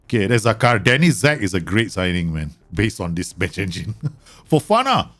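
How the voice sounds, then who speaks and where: A man streams a football management game and reacts out loud, teasing and exclaiming as he goes. His voice sits low but jumps around a lot in pitch. Faint music plays under him. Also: normal speed. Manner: excitable, bursts into exclamations and teasing remarks. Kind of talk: live gameplay commentary.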